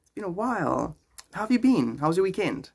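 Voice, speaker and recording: A man's voice: high voice, big pitch swings, fairly quick, gravelly, slightly rough. A man streaming live and chatting casually with viewers, rambling and joking with frequent chuckles. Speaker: livestreamer. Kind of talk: casual livestream chat.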